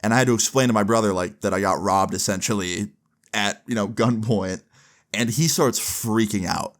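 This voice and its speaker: A young man with a fairly low voice casually tells a personal story at a moderate pace, like a storytime vlogger. He leans heavily on "like" and acts out the dialogue he quotes.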